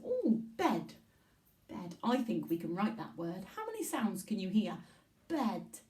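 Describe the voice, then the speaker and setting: Woman teacher, lively sing-song pitch, unhurried, encouraging, echoey room. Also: recorded from a distance. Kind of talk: online children's literacy lesson.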